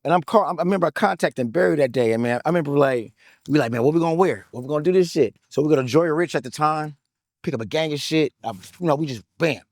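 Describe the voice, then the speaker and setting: A man in his thirties telling his story in an interview, excitable and hyped, full of "like, like" fillers, street slang and swearing. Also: on the high side, fast talker, no echo, studio quality.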